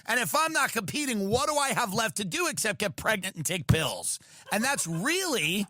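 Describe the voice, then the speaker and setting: A man hosting a podcast, riffing in a profane, animated comedic rant. His voice is bright and fairly high, and it sounds close and dry. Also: normal speed, dry recording. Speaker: podcast host.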